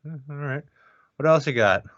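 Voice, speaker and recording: A man's voice: on the high side, normal speed, a bit bright, dry recording. A man co-hosting a podcast, talking in a dry, sardonic way with swearing. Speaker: podcast co-host. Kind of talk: sardonic casual chat. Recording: dry, dull lo-fi mic.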